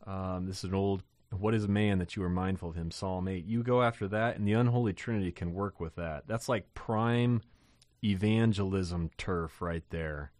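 Low-voiced man teaching scripture, dry close sound. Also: normal speed, a little mellow, dry recording. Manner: reads verses then comments in loose, restarting asides. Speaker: Bible teacher. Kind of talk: verse-by-verse Bible teaching.

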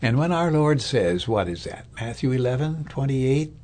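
A man's voice: medium pitch, animated, moderate pace, a little mellow. A man preaching a sermon as a pastor, in a conversational, thoughtful way with fillers and restarts. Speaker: Lutheran pastor or Bible teacher.

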